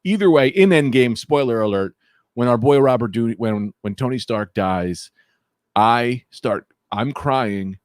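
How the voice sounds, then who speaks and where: A man's voice: medium pitch, animated, a little slow, dry recording, clean studio sound. Hyped, profane male podcast host. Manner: loud, profane and hyped, swinging between shouts and mumbles. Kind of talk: casual podcast chat.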